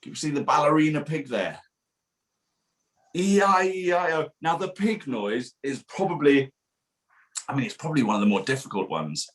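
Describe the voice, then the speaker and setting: A man's voice: mid-range voice, sing-song, brisk. A man, a children's author, reading his picture book aloud to children at a bookshop event, playful and sing-song, demonstrating silly noises. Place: bookshop event streamed online.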